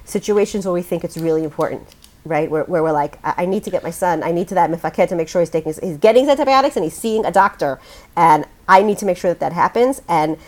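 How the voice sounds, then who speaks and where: A woman's voice: fairly low pitch, fast talker, a little mellow. Give me a woman on a podcast panel, thinking aloud in loose, rambling sentences full of restarts. She sounds like she is chatting casually among colleagues. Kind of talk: casual chat.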